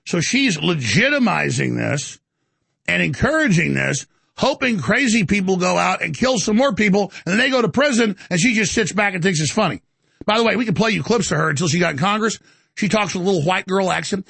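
Gravelly high-voiced ranting man. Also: animated, brisk, fairly bright tone, no room sound. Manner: rambling, stammering restarts. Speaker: talk show host taking calls. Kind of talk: ranting political talk.

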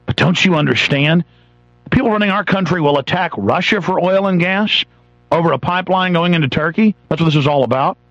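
An irate radio host tears into his listeners, his voice gravelly and pitched a little high. He sneers and mocks as he rants. The sound is dry and dull, like an old radio broadcast. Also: a bit bright, dry recording. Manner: angry, sarcastic, mocking voices of others. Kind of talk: ranting political talk radio monologue.

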